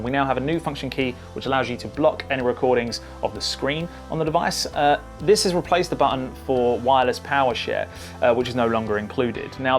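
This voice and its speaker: Casual male tech reviewer, faint music. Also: medium pitch. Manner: relaxed, conversational, frequent "uh" fillers. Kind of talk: casual product overview.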